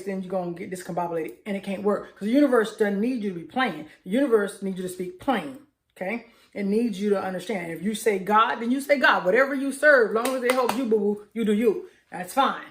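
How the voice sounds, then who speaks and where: Energetic woman coaching with fervor. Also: mid-range voice, echoey room. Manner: energetic, emphatic, colloquial, repeats affirmations loudly. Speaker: mindset and manifestation coach. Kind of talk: casual motivational talk.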